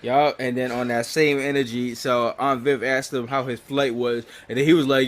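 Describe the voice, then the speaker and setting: A man's voice: mid-range voice, fairly even intonation, normal speed, few pauses. A man co-hosting a podcast, casually recapping a TV episode in a laid-back, slangy way and laughing often. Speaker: podcast co-host.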